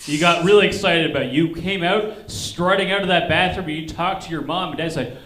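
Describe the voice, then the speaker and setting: A man's voice: a little high, brisk, fairly bright tone. A man doing stand-up at a comedy club, with dry observational jokes. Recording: roomy club sound, live stage mic.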